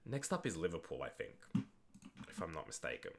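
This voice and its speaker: A man's voice: extremely low pitch, wildly swooping pitch, a little fast, gravelly, slight background noise. A young man chatting casually on a late-night stream, rambling through viewer questions and swearing now and then, sounding tired. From Australia. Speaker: livestreamer hosting a football watch-along.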